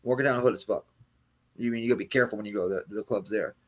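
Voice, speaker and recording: A man's voice: on the low side, steady tone, rapid-fire, slight background noise. A man co-hosting a casual sports chat, laid-back and joking, swearing casually as he banters. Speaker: podcast co-host.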